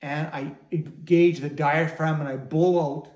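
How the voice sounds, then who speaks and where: Male didgeridoo teacher, slightly high voice, patient and methodical, roomy echo. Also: steady tone, measured pace, darkish tone. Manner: patient, step-by-step explaining. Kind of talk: instructional demonstration.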